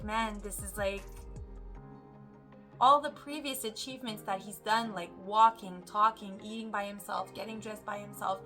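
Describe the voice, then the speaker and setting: A woman, a mother, casually telling a story to camera and animatedly acting out what others said. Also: fairly high pitch. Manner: animated, acts out quoted voices. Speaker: mother vlogger.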